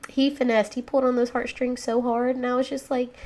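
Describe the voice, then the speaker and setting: Animated woman telling a parenting story. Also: on the high side, brisk, hardly any pauses. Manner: animated, acts out a child's voice in anecdotes. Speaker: podcast co-host, mother. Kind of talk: casual chat, storytelling.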